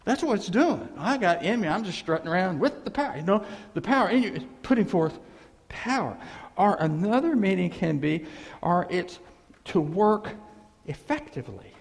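With a creaky voice at normal speed, a male pastor gives a spirited sermon in a reverberant church hall, alternating loud exclamations with low murmurs.

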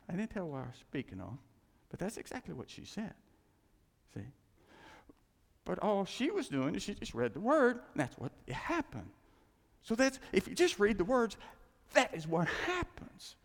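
Man, pastor, sermon, lively swooping delivery, gravelly edge, long reverb of a church hall. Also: sits high. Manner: animated, repeats phrases, acts out quoted thoughts.

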